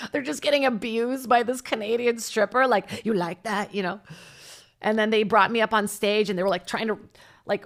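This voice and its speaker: On her own podcast, a stand-up comic in her thirties tells meandering, self-mocking stories in a relaxed comedic monologue. She keeps bursting into laughter, and her pitch leaps about energetically.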